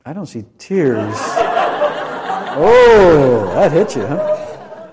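A man's voice: fairly high pitch, very animated, drawn-out words, a crowd in the background, background noise. A man preaching in a church, leading a Passover demonstration and joking playfully with volunteers. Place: church sanctuary.

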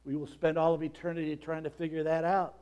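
Man preaching with sudden shouted peaks. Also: on the high side, little pitch movement, fast talker, clean tone. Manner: dramatic swings from quiet to shouting; reads scripture aloud then expounds. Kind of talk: sermon.

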